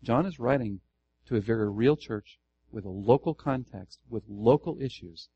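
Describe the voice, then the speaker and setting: A man's voice: lowish voice, vocal fry, warm tone, breathy edge. A man teaching Scripture to a church group, earnest, restarting phrases and putting questions to the room. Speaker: Bible teacher. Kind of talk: Bible study teaching to a congregation.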